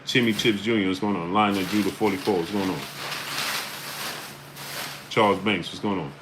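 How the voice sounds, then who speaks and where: A man from Brooklyn with a New York accent hosting a casual live stream, reading out viewer names with quick greetings and speaking bluntly and emphatically. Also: low voice, fairly even intonation, background noise.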